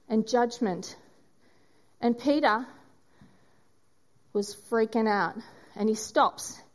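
A woman giving a sermon, telling a story and acting out its voices with dramatic pauses. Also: a little high. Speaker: preacher.

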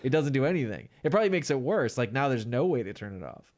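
A man hosting a podcast in casual comedic chat, laughing mid-sentence and letting his sentences trail off quietly. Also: medium pitch, big pitch swings, fast talker. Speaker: podcast host.

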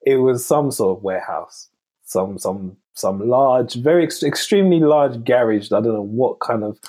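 A man with a mellow, dark tone and a husky grain talks in casual chat. He rambles and restarts as he searches for words. His manner is easygoing and unhurried. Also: medium pitch.

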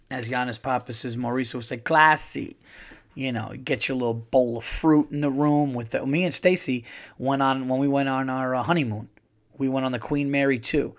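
Rambling, profane man telling stories casually. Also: mid-range voice. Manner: loose, profane, rambling with many fillers and restarts. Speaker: podcast host. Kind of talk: casual storytelling monologue.

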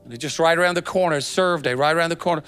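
A man's voice: a little high, racing, fairly bright tone, clean tone, soft background music. A middle-aged man preaching a sermon as a pastor, telling stories in a folksy, emphatic way.

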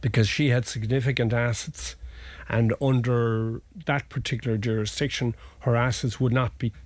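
Digressive solicitor, dry close sound. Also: male voice, medium pitch, fairly even intonation, normal speed, dry recording. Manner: anecdotal, explanatory, digressive. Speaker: family law solicitor. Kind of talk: conversational interview.

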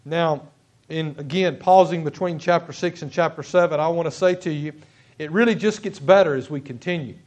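A high-pitched man preaching from a church pulpit. He speaks in a halting way, restarting phrases and repeating key words for emphasis. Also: darkish tone. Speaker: pastor. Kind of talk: sermon. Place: church sanctuary.

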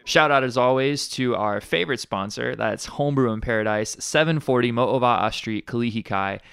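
A man co-hosting a podcast, giving sarcastic, animated political commentary in casual chat. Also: mid-range voice, moderate pace, vocal fry, smooth. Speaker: podcast co-host.

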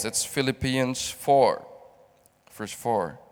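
A middle-aged man from the Netherlands gives an emotional sermon. He speaks slowly and haltingly, repeating words as he searches for them, at an ordinary middle pitch. His voice rings out with the long reverb of a church hall. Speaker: guest preacher.

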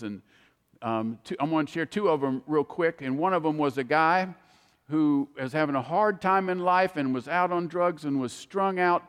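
A man preaching a sermon, telling stories with animated swings between soaring and hushed delivery. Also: a little high, long reverb tail. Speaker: pastor.

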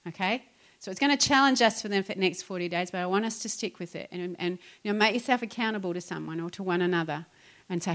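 A middle-aged woman pastor, preaching in a conversational and animated way and acting out her own complaints. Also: lowish voice, fast talker, hardly any pauses. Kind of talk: sermon.

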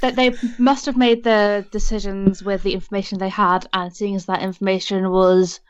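A woman playing her character in a tabletop game, earnest and measured. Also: mid-range voice, flat delivery, clean tone, highs cut off. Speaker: player.

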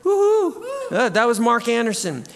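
A man preaching a sermon as pastor in a church, animated and at times shouting out cheers. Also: fairly high pitch, normal speed. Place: church sanctuary.

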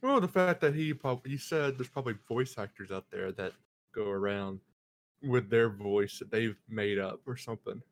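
A man's voice: on the low side, normal speed. A man co-hosting a casual chat, rambling and laughing as he talks. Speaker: podcast co-host.

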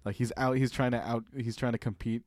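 A man co-hosting a podcast, bantering casually with jokes and quick asides. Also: medium pitch, fairly even intonation, a little mellow, dry recording, studio quality. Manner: joking, quips and asides. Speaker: podcast co-host.

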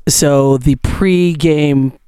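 A man's voice: fairly high pitch, steady tone, extremely slow, dark tone, a little hiss or hum. A man co-hosting a casual reaction chat, mocking and explaining clips. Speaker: podcast co-host.

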